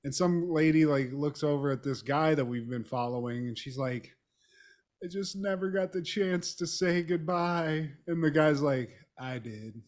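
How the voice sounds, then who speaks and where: A man's voice: a little high, moderate pace, darkish tone. A man co-hosting a podcast, casually recapping a TV episode with frequent laughter. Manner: laughs often, addresses co-host by name. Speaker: podcast co-host.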